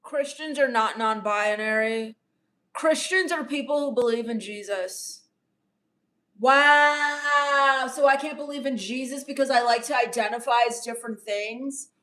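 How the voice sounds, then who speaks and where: A woman comedian, improvising livestream comedy, portrays a self-absorbed, bratty teenage streamer who reads viewer comments aloud and waves them off with snark. She speaks unhurriedly in a bright, forceful voice on the high side.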